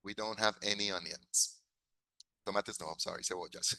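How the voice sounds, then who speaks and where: A man who grew up in the United States, teaching an online English class, switching into Spanish, laughing often and modeling phrases slowly. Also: on the low side, steady tone, sharp tone, no echo.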